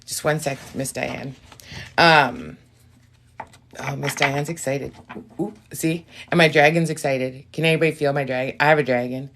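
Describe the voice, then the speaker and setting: Low-pitched woman tarot reader, chatty, reassuring, slips into whispers on a live stream. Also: steady tone, normal speed. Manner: chatty, easily sidetracked, drops into whispers; warm and reassuring toward viewers. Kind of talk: casual live tarot reading.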